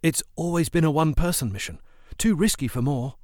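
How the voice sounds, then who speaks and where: A man's voice: fairly high pitch, animated, fairly quick, a little mellow, dry recording, studio quality, voice pushed up, natural voice. A man voicing a young orphan boy in a storybook reading, earnest and slightly stammering. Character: young orphan boy, nervous but brave.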